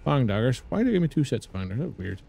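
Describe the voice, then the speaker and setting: A man's voice: medium pitch, big pitch swings, rapid-fire, vocal fry, mellow, slight background noise. A man with a British accent doing live gameplay commentary, swearing and ranting at the game in exasperation. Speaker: streamer.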